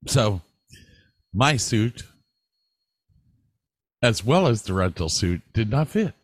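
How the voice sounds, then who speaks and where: A man co-hosting a podcast, telling animated stories in casual chat and swearing now and then. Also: lowish voice, slow, slightly rough, dry recording. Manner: animated storyteller, swears, mimics people he quotes. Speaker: podcast co-host.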